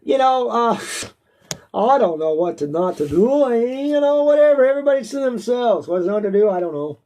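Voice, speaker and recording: A man's voice: very high-pitched, expressive, normal speed, warm tone. A man with a stuffy nose, a host chatting casually and answering viewer questions, rambling and laughing often. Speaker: auctioneer.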